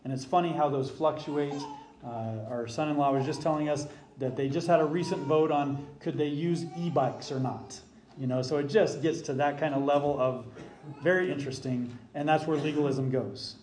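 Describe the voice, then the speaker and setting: A man's voice: on the high side, steady tone, normal speed, a little mellow, reverberant, a little hiss or hum. A middle-aged man, a pastor preaching a sermon emphatically, his voice rising when he quotes scripture.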